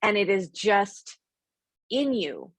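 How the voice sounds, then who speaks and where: A woman's voice: mid-range voice, sing-song, slow, dry recording. A woman hosting a leadership study call, talking in a chatty way with many restarts and fillers. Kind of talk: casual group discussion.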